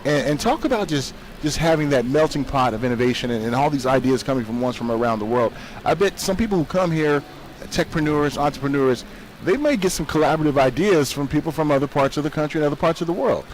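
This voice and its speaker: A man's voice: a little high, expressive, quick pace, a little hiss or hum, poor audio. A man hosting a tech show, asking long, rambling questions in an on-site interview.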